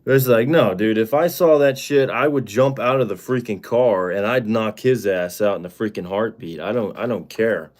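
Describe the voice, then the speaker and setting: A man with a fairly low voice hosts a casual livestream. He rambles, fills his talk with fillers and restarts, and turns heated and indignant as he goes. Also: normal speed, few pauses. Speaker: live-stream host.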